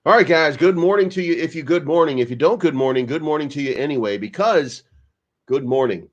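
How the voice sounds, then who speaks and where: A man's voice: on the high side, animated, brisk. A man hosting a crypto channel, chatting casually about the market in a rambling, joking way full of fillers and restarts. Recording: slightly dull lo-fi sound.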